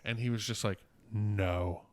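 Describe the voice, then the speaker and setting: A man's voice: lowish voice, moderate pace, a bit bright, clear, resonant tone. A man in his twenties co-hosting a podcast, telling rambling, profane stories full of fillers. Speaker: podcast co-host. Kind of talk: casual podcast chat.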